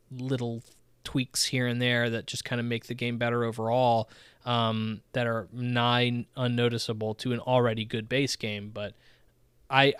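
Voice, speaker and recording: A man hosts a casual gaming podcast, talking in loose, rambling runs full of "um" and "like". His voice is smooth and clear at a middle pitch. The recording is close-miked and dry. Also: fairly bright tone, no echo. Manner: rambling, filler-heavy, many "um" and "like". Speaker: podcast host. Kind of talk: casual gaming-news commentary.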